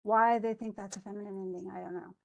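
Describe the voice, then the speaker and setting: A woman's voice: medium pitch, fairly even intonation, fast, creaky, a little mellow, highs cut off. A woman teaching an English class, reading a poem aloud and then explaining its stresses with frequent restarts. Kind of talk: classroom lesson.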